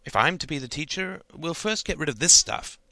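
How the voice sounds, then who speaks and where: A man voicing a clever, calm schoolboy who talks in a matter-of-fact, deadpan way. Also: fairly high pitch, a little fast, no room sound, voice pushed up. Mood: mock-teacherly.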